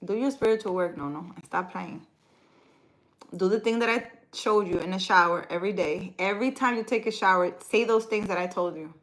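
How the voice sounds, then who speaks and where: A woman chatting live with her viewers in a loose, conversational way. She jokes and teases in one breath and lectures with earnest conviction in the next. Her pitch sits right in the middle, neither high nor low. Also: a little fast, low-quality recording. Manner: playful and teasing, then earnest and instructive. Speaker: livestream spiritual advisor. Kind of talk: casual livestream chat reading viewer comments.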